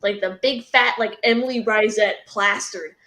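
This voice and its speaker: A woman chatting as a guest artist over a video call, animated and full of "like" fillers. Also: mid-range voice, normal speed. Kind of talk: casual chat. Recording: roomy echo.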